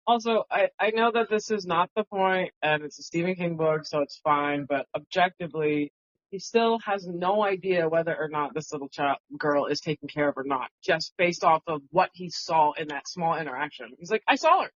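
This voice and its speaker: Chatty co-host, frequent laughs, medium pitch, dull lo-fi recording. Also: normal speed. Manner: laughs often, talks things through. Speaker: podcast co-host. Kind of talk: casual book club chat. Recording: dull lo-fi home podcast audio.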